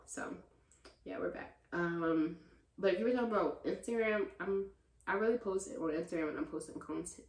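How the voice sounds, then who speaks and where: A young woman in her twenties chatting casually in a Q&A vlog, talking to her viewers as "y'all" and getting loud and animated when she vents. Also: lowish voice. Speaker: vlogger answering viewer questions. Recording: roomy echo.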